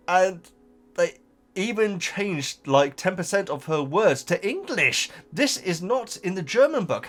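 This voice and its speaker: A man's voice: high voice, pushed and bright. A man reading out viewer comments and chatting about them casually, wandering off into tangents and thinking aloud. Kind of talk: casual chat.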